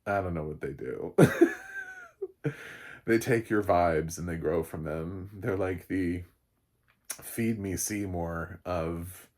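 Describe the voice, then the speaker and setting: A man's voice: sits low, takes it slowly, darkish tone. A man film critic giving a casual, sarcastic review that rambles and trails off. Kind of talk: casual comedic review monologue.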